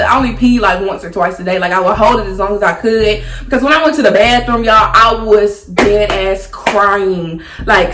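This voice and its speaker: A young woman speaks at a middle pitch and tells her story in a loose, conversational way. Her casual vlog delivery leans on "like" and "y'all". The recording has an echoey room sound with soft music in the background. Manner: chatty, animated, frequent "like" and "y'all". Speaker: vlogger.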